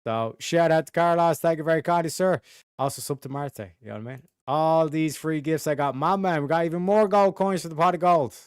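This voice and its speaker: A man's voice: on the high side, fairly quick, clean tone, dry recording, studio quality. A man hosting a casual livestream, reading out chat names and swearing freely. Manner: profane, drawling shout-outs to chat. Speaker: livestream host.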